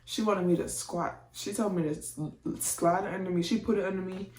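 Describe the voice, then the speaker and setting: Her pitch is medium and her tone darkish, with fairly even intonation and a brisk pace. She's a vlogger telling her birth story casually and with slang, acting out her reactions, recorded in an echoey space at a distance from the mic.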